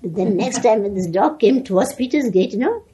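An older woman reminiscing in an animated way, often laughing and restarting her sentences. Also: fairly high pitch, a little fast, slightly rough, low-quality recording. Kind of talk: reminiscing storytelling.

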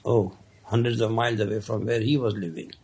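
A man telling a parable in an unhurried, conversational way, with many casual asides. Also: lowish voice, fairly even intonation, a little mellow, slightly rough. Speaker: storyteller. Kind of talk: casual spoken storytelling of a parable.

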